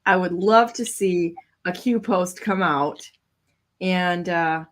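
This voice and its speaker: A woman hosting a talk show, telling a story in a lively, casual way, laughing often and acting out what other people said. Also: fairly low pitch, slow pace. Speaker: show host.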